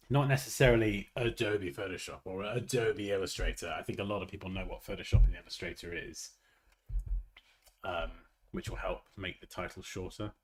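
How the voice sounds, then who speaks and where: A man's voice: fairly low pitch, animated, normal speed, husky. A man hosting a design livestream, thinking aloud as he works and tossing out teasing, jokey asides, on a close desk mic.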